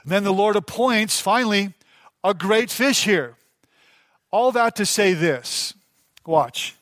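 A man's voice: high-pitched, animated, slow, a bit bright, no room sound. A man preaching a sermon as pastor, emphatic and direct with the congregation, repeating his key phrases.

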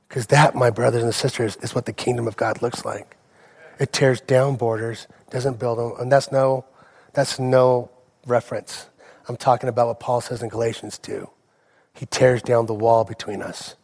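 A pastor in his forties with a medium-pitched voice preaches a sermon. He tells personal stories and builds toward impassioned preaching.

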